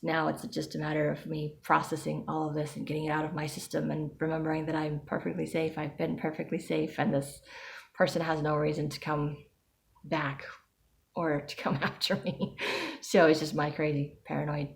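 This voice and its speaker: A woman's voice: sits low, level tone, moderate pace, creaky. A woman talking through her anxiety in a chatty personal video diary. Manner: anxious, chatty, self-reassuring. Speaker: vlogger.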